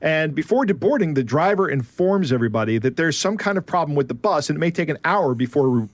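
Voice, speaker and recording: A man's voice: on the high side, lively intonation, fast talker, dry recording. A man co-hosting a podcast, casually retelling a story he read, with frequent asides to his co-host.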